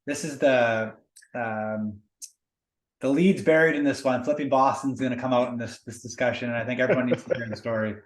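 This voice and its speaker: Casual host in a roomy room. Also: male voice, medium pitch, steady tone, brisk. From Canada. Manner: casual, many fillers and restarts, inquisitive. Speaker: podcast host, mortgage broker. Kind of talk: interview conversation. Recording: roomy echo.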